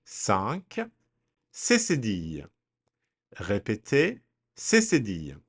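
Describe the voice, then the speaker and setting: A man teaching French pronunciation, speaking deliberately and spelling words out letter by letter in a slow drill. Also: fairly low pitch, wildly swooping pitch, husky.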